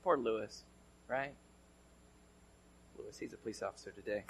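A male pastor from California preaching a sermon, telling a story conversationally and swinging between loud and hushed delivery. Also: on the low side, normal speed, long pauses, slight background noise.

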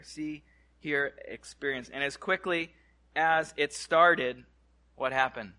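A man preaching to his congregation in a church, animated, repeating words and asking the room questions. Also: mid-range voice, slow pace. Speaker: pastor. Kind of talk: sermon. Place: church hall.

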